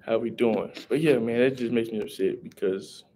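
A man's voice: medium pitch, normal speed, mellow, a little hiss or hum. A young man, rambling casually on a live stream and greeting viewers in chat. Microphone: headset.

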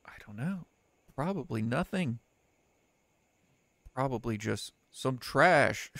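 Very slow and animated, with long pauses, a young man does horror game let's play commentary into a desk microphone. His medium-pitched voice is fairly bright with no echo, and he reads the game text aloud sarcastically, joking and laughing often.

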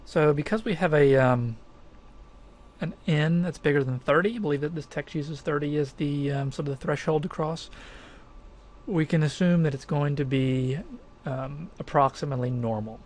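In this recorded walkthrough, a math instructor talks through a statistics problem one step at a time, conversational and emphatic, using fillers as he thinks aloud. His slightly high voice is a little mellow, moves at normal speed, and has a little hiss or hum behind it.

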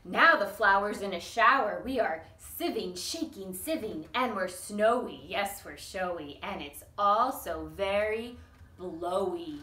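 A woman's voice: medium pitch, lively intonation, slow pace, sharp tone, slight background noise. A woman reading a picture book and nursery rhymes to young children at a library storytime, sing-song and coaxing them to join in. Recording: echoey room, mic at a distance.

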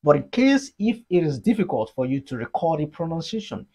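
A Mandarin teacher giving an online lesson, explaining slowly and deliberately and leading repeat-after-me drills. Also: medium pitch, very animated, mellow. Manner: slow, deliberate explaining, modeling sounds for learners.

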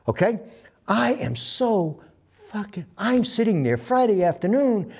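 A man's voice: extremely high pitch, animated, normal speed. A man in his seventies telling war stories in an interview, swearing freely and acting out the voices and sounds in his tales. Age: 70s. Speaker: interviewee, veteran pilot. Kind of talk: animated storytelling.

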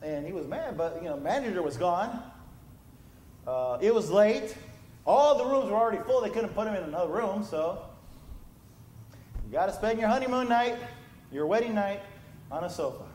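High-voiced preacher in an echoey church. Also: male voice, lively intonation, moderate pace, long pauses, a little mellow. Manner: storytelling, rising to impassioned emphasis. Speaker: pastor. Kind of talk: sermon. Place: church sanctuary.

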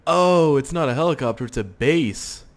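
A man giving excitable, joking, profane running commentary while playing a video game. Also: a little high, moderate pace. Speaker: gaming commentator. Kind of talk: let's play commentary.

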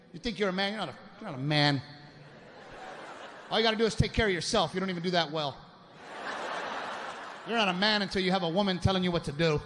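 High-voiced man ranting on stage. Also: in a large hall. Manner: animated, exasperated ranting. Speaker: stand-up comedian. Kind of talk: live stand-up comedy. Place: stage before a live audience. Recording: live show with audience noise. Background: audience laughter.

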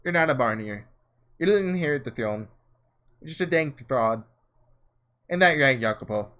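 A man's voice: mid-range voice, lively intonation, normal speed, pushed and bright. A man voicing a scornful young man from the slums, speaking in a slangy, mocking drawl.

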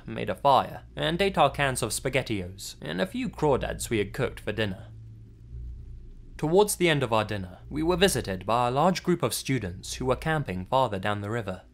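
Low-voiced man narrating a horror story. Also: gravelly. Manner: subdued, measured storytelling. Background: faint music.

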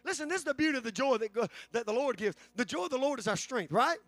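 High-voiced preacher, fervent and dry. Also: male voice, lively intonation, fast talker, no echo. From United States. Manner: fervent preaching, repeats phrases, rises to shouts. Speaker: pastor. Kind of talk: sermon. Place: church sanctuary.

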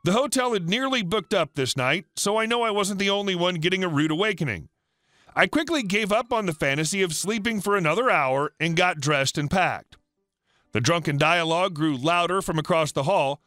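A man reading a first-person story aloud as a scripted narration, in a flat deadpan storytelling manner. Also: sits high, dry recording.

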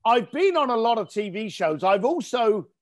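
The speaker is a middle-aged man from East London, England, a guest entrepreneur and author telling stories in a casual interview. His voice sits high with big pitch swings, at a moderate pace, and his manner is blunt and emphatic.

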